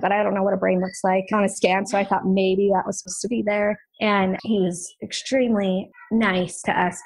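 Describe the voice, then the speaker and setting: A woman speaking at a middle pitch as a podcast guest, recounting a personal ordeal. Her telling is earnest and quick, tumbling forward with restarts and asides. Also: low-quality recording. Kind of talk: emotional personal storytelling.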